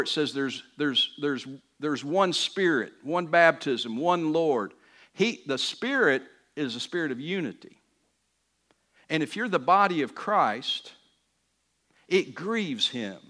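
Man, pastor, sermon, earnest conversational preaching, fairly high voice. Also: bright, forceful tone. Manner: earnest, conversational preaching with frequent restarts and rising emphasis.

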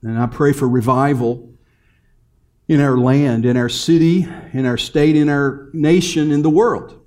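A middle-aged man delivers a sermon from the pulpit. His voice sits at an ordinary middle pitch. He moves between loud, emphatic declarations and soft, quiet asides, and tells a family story with humor. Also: fairly even intonation, measured pace. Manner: preaching, shifting from loud emphatic lines to low quiet asides. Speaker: pastor.

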